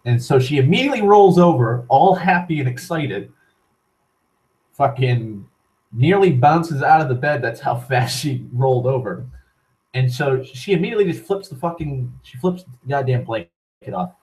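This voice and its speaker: A man's voice: medium pitch, moderate pace, a little mellow, rough recording. A young man telling a long story in a casual, rambling monologue, swearing freely and filling his talk with "like" and restarts. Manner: profane, rambling, full of "like" and restarts. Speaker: channel host.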